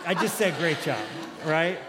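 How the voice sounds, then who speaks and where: A man's voice: on the high side, a little slow, music in the background. Preaching man in a reverberant hall. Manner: conversational preaching, animated, quotes dialogue. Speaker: pastor. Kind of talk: sermon.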